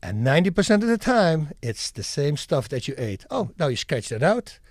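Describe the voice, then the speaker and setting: A middle-aged man from the Netherlands, telling stories as a podcast guest in an animated, emphatic way and acting out scenes. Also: a little high, moderate pace, no room sound, studio quality. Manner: animated, emphatic storyteller who acts out scenes. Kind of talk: podcast interview storytelling.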